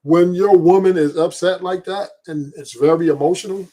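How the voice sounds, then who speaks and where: A man's voice: sits high, fairly even intonation, moderate pace, dark tone, rough recording. A laid-back man, explaining his view on a talk show. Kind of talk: casual debate talk.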